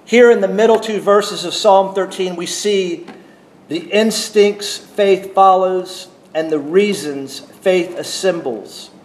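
A man preaching an expository sermon, with a measured, emphatic delivery and deliberate pauses. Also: high-pitched, echoey room, slight background noise.

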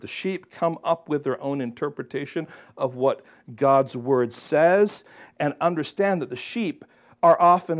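A man preaching a sermon, who calls his listeners friends and keeps asking them rhetorical questions. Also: fairly high pitch. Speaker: pastor.

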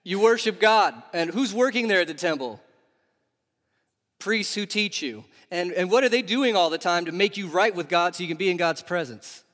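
A man preaching a sermon in a lively, animated way, putting question after question to his listeners. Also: high voice, normal speed. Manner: animated, asks the audience questions. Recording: long reverb of a large hall.

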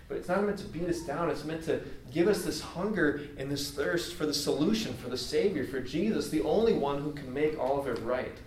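A man's voice: on the high side, a little fast, hardly any pauses, slight background noise. Earnest preacher man in an echoey hall. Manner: earnest, informal, many fillers. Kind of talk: conversational sermon. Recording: echoey room, mic at a distance.

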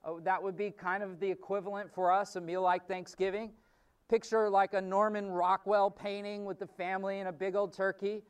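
A man's voice: high voice, level tone, normal speed, smooth, recorded from a distance. A man preaching a sermon as pastor, teaching in a conversational way with fillers and restarts.

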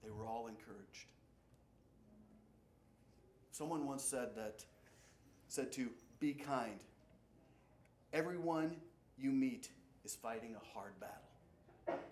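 A man preaching a sermon as pastor, swinging between loud urgent passages and quiet low ones. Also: slow, long pauses, reverberant, a little hiss or hum.

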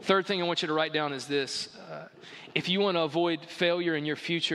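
A pastor preaching a sermon in an emphatic, conversational way, often saying "like", in a church. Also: male voice, a little high, fairly even intonation, a little fast, pushed and bright. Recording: echoey hall.

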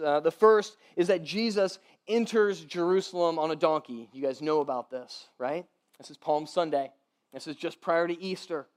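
High-voiced man preaching conversationally. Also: a little mellow. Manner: informal, repeats words, checks in with "right?". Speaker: pastor. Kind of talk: conversational sermon.

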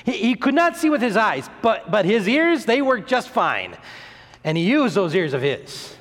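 A man preaching a sermon, retelling a story in an animated way, acting out the voices, sometimes stumbling and repeating words. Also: sits high, moderate pace. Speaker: pastor. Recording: long hall reverb.

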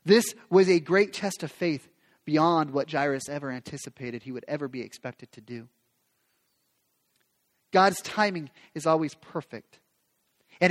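A man preaching a sermon as pastor, speaking with passion and acting out quoted prayers. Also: sits high. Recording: long reverb of a large hall.

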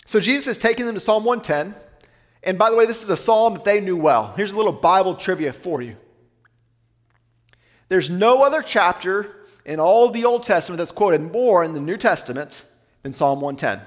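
A male pastor preaches an animated sermon in a high voice, his words echoing through a long, reverberant hall. He poses rhetorical questions to listeners and slows down when reading scripture aloud.

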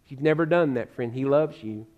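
A man preaching a sermon with passion, calling his listeners "friend" and swinging from loud exhortation to hushed pleading. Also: medium pitch, a little fast, muffled recording, soft background music. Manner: addresses listeners directly as "friend". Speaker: pastor.

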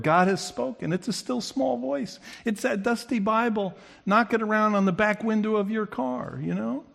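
Male preacher, higher than usual pitch, dramatic delivery, voices the quoted speakers. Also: moderate pace, gravelly, hardly any pauses. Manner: dramatic, acts out quotes with big swings in pitch and loudness. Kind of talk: sermon.

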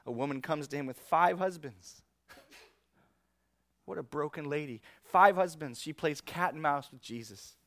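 A man preaching a sermon to his church, talking animatedly and chuckling. His voice sits fairly high. The sound is close and dry. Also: normal speed, dry recording. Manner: animated, conversational, frequent chuckles. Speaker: pastor.

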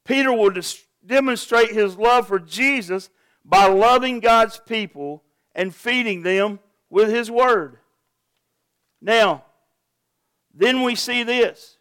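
High-voiced earnest man preaching. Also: slow pace, fairly bright tone, smooth, no echo. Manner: earnest, asks the congregation direct questions. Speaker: pastor. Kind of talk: sermon.

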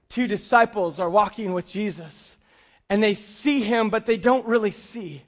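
Male pastor, sermon, acts out dialogue, high voice. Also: a little slow, muffled recording. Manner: animated storyteller, acts out dialogue. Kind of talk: sermon with storytelling.

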